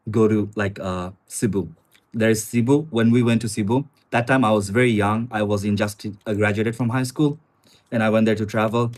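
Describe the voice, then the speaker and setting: Young guy w live streaming from his little apartment, chatty, keeps saying guys, lowish voice. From China. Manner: chatty, addresses viewers as guys, answers chat comments. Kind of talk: casual live stream chat. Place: small studio apartment with river view.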